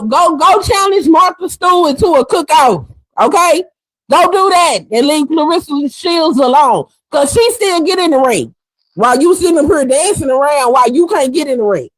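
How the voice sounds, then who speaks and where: A woman with a high-sitting voice hosts a livestream, giving heated commentary that's fiery, sassy and emphatic, repeating her points for effect. The recording is dry and the audio quality poor.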